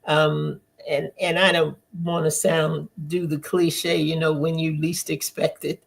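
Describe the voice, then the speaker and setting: A woman host speaking slowly and thoughtfully, repeating words as she thinks. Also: sits low, little pitch movement, creaky. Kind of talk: reflective conversation.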